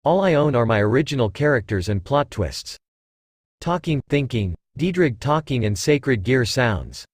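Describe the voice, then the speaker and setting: Man, fanfiction narrator, lively pitch, dry close sound. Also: moderate pace, no room sound. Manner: chatty author's notes, then plain narration. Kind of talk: fanfiction reading.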